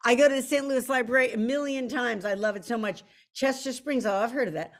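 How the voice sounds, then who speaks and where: A woman's voice: on the high side, brisk. A middle-aged woman chatting casually on a livestream, self-deprecating and restarting her sentences often. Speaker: author hosting a livestream.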